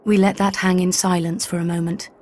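Husky-voiced woman narrating a story. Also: fairly low pitch. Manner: even, measured storytelling. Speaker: audiobook narrator. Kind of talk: scripted first-person narration. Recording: faint background music.

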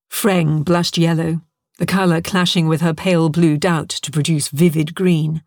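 A woman narrating an audiobook in an expressive, storytelling way. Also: deep voice, measured pace, no room sound, clean studio sound. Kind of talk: scripted narration.

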